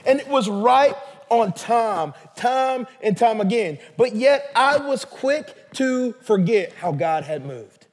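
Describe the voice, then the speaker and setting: A man's voice: very high voice, expressive, slow, big-room sound. A man pastor delivering a sermon in a conversational, emphatic manner.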